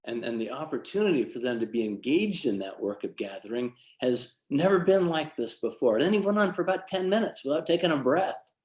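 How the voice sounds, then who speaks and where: A man's voice: medium pitch, animated, fairly quick, few pauses, a little mellow. Earnest man telling a story, roomy sound. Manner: earnest, lightly self-mocking. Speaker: church youth leader. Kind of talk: personal story in a devotional talk.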